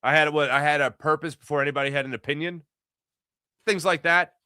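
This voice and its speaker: A sports talk host makes his case in an animated, rhetorical monologue. His voice is fairly high and bright with a forceful edge. The sound is dry and close to the mic. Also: brisk, clean tone, dry recording. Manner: animated, rhetorical, arguing with mock quotes. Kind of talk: casual sports commentary monologue.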